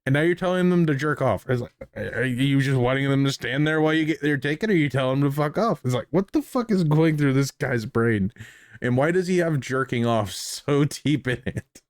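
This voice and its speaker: A man talks through a video in casual, profane commentary, laughing often. His pitch is average for a man. The recording is dry and close, with no room sound. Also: expressive, normal speed, no echo. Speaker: reaction commentator.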